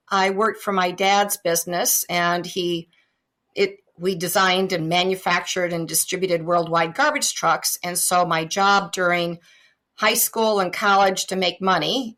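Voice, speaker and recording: A woman from Iowa, a guest on a podcast, telling humorous anecdotes in a relaxed, chatty way over a remote connection. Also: mid-range voice. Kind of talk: casual storytelling interview. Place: remote call.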